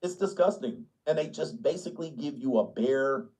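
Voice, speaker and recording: A man's voice: medium pitch, moderate pace, darkish tone, rough recording. A man ranting in a blunt, mocking way in casual chat, laughing often and sliding into put-on voices. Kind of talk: casual comedic rant. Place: small town, gated suburban home.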